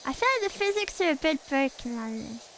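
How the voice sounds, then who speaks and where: A woman's voice: sits high, expressive, a little fast, a bit bright, a little hiss or hum, poor audio. A young woman streamer chatting casually while playing a game, giggly and reading chat aloud.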